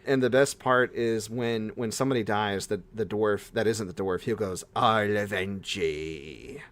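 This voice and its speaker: Young male podcast co-host, low voice, excitable and gushing. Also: moderate pace. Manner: excitable, gushing, breaks into high-pitched bursts. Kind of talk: casual chat.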